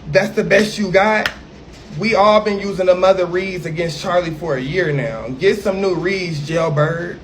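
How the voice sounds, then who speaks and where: A man's voice: sits high, measured pace, noisy background. A man ranting brashly on a livestream, profane and sassy as he fires back at a critic.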